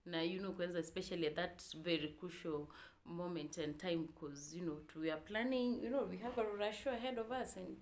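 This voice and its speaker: A young Kenyan woman telling a personal story to her viewers, candid and emotional, with frequent fillers. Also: fairly low pitch. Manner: candid, code-switching, emotional. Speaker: vlogger. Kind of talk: casual storytelling to camera.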